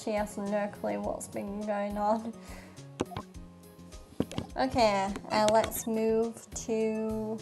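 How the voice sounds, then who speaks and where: Slow-talking young British woman streamer. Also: on the high side. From Britain. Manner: relaxed, slow, many ums and pauses. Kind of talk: casual live-stream chat.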